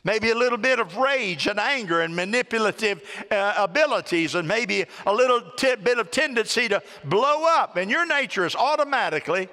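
A male pastor preaching a sermon, lively and dramatic, stretching phrases and acting out little voices. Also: high-pitched, brisk, few pauses. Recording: long reverb of a large hall.

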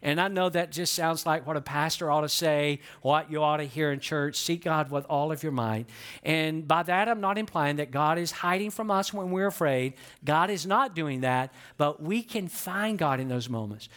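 A man's voice: moderate pace, a bit bright. A middle-aged man preaching a sermon in church as pastor, emphatic and building in intensity, asking the congregation questions and calling for their responses. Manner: emphatic, rising in pitch and volume as he preaches. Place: church sanctuary.

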